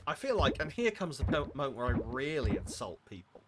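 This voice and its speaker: A man's voice: mid-range voice, very animated, brisk, music in the background. A man streaming a game with casual, rambling commentary, self-mocking and full of asides.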